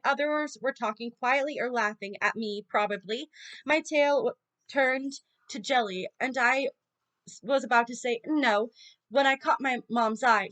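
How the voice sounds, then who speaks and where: This audiobook reader's voice is slightly high and fairly bright. She works through a children's novel in a relaxed way, tripping over words frequently and correcting herself.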